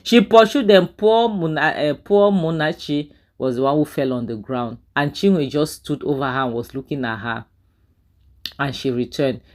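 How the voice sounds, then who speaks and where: A man's voice: fairly high pitch, normal speed. A man with a Nigerian accent casually recapping a drama episode, talking animatedly with frequent restarts. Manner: animated storytelling, acts out quotes, frequent restarts. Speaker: series reviewer.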